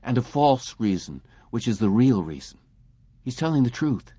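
A man's voice: mid-range voice, sing-song, moderate pace, husky, no room sound. A man voicing a male lab technician who speaks sharply and insistently. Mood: explaining. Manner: sharp, demanding.

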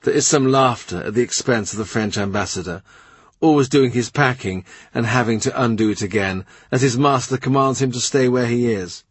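A man reads literary fiction aloud in an even, vivid storytelling manner. His voice is husky and sits at an ordinary pitch for a man, and the sound is dry and close. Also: moderate pace, dry recording. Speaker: audiobook narrator. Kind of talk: scripted literary narration.

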